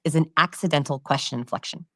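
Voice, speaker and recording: A woman with a low voice explains body language and vocal cues as a podcast guest. She talks quickly and confidently, teaching through examples. The recording is dry and close. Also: pushed and bright, dry recording.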